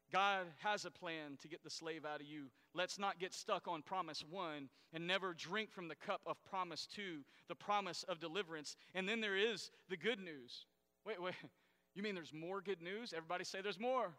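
High bright preaching man in hall. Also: normal speed. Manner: preaching with wide swings between loud emphasis and quiet asides. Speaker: pastor. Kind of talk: sermon. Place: church sanctuary. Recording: echoey hall reverb.

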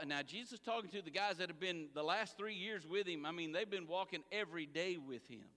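A man preaches with a high, bright voice that swings widely in pitch, calling out to his congregation for a response. His sermon rings through a church sanctuary with a long reverb tail. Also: a little fast, hardly any pauses. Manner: animated preaching with audience call-outs. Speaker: pastor.

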